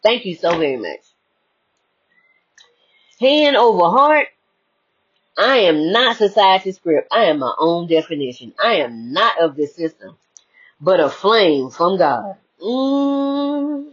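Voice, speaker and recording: A woman with a husky, breathy voice delivers a spiritual motivational monologue as a life coach. Her pitch swings widely while she presses her points and circles back to repeat them. The recording sounds dull and lo-fi. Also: sing-song, unhurried, long pauses. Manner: emphatic, preachy, repeats key phrases.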